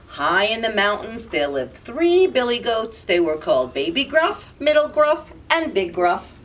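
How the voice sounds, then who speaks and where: A children's librarian reads picture books aloud at storytime, slow and very animated. Her pitch swoops up and down to keep little listeners hooked. The mic sits slightly distant with a faint hiss.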